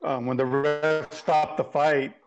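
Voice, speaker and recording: A man's voice: on the high side, level tone, slow pace, lo-fi sound, over music. A man co-hosting a podcast, chatting casually with many fillers and restarts. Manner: hesitant, filler-heavy commentary. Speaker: podcast co-host. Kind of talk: casual chat.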